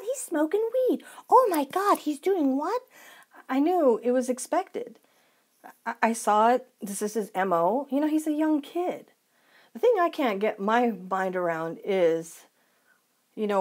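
A woman's voice: mid-range voice, darkish tone. A woman vlogger ranting emphatically and sarcastically to her viewers. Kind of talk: vlog rant.

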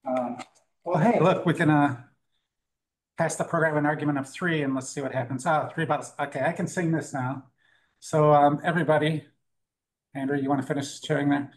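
At a meetup, a conference speaker gives a casual, joking live tech talk with a demo in front of an audience, full of fillers and restarts. His voice is a little high and fairly even in intonation, and he moves briskly. The audio is poor.

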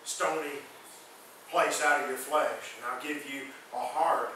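A man's voice: medium pitch, fairly even intonation, a little slow, pushed and bright, slight background noise. A male pastor preaching a sermon in a folksy, fervent way that builds to hollering, his voice cracking from the preaching. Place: church sanctuary. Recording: echoey church hall, mic far off.

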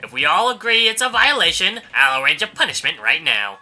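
A man voicing a mischievous male bear headmaster from a video game, loud and sing-song. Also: on the high side, big pitch swings, brisk, soft background music, pitched above the performer's own voice, exaggerated voice. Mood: gleeful.

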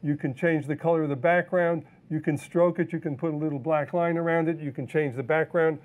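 A man teaching a live photo-editing software demonstration, explaining step by step in a relaxed way with fillers and self-corrections. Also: fairly high pitch, a little fast, narrow, tinny audio. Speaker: photography instructor.

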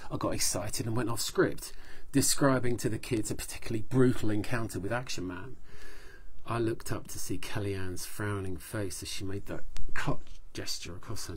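Husky man reading his comic short story. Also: lowish voice.

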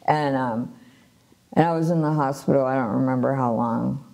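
Woman from los angeles, middle-aged, low voice, casual animated storytelling, laughs often, lots of fillers. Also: normal speed, gravelly. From Los Angeles, USA. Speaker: guest sharing her testimony.

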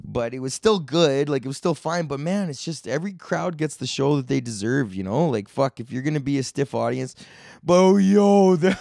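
A man in his thirties, a comedian hosting his podcast, telling a profane, excitable story and laughing often. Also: mid-range voice, normal speed, vocal fry, dry recording, studio quality. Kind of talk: casual storytelling rant.

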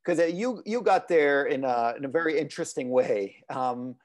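A man's voice: a little high, animated, moderate pace. Swiss-raised man asking rambling questions. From Italian-speaking Switzerland. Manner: rambling, rephrasing questions as he goes. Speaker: interviewer host. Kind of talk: conversational interview.

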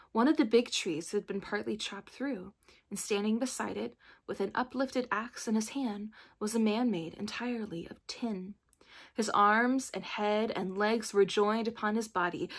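A woman from the library staff reading a children's book aloud in calm, measured storytelling. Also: mid-range voice, breathy edge.

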